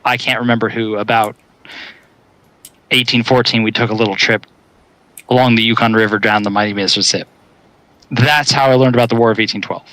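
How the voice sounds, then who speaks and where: A man's voice: medium pitch, fairly bright tone, dry recording, rough recording. A young American man talks in casual chat, rambling through his points with a wry, joking edge. His voice sits in an ordinary middle register. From United States. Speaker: co-host.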